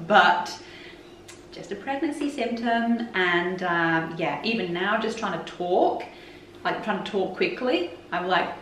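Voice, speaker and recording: A woman's voice: on the low side, slow pace, a bit bright, a little hiss or hum. A woman vlogger chatting frankly and openly to camera. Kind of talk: casual chat to camera. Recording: roomy echo, voice from a distance.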